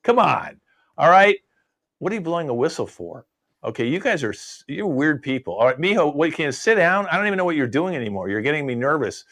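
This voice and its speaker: Older male improv host, flustered professor, scolding in quick bursts, video call audio. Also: on the high side, sing-song, fairly bright tone. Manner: exasperated, scolding, rapid questions.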